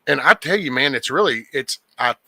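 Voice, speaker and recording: A man's voice: mid-range voice, expressive, a little fast, creaky, bright, forceful tone, rough recording. A man hosting a casual podcast chat, talking bluntly and profanely, rambling and restarting his sentences.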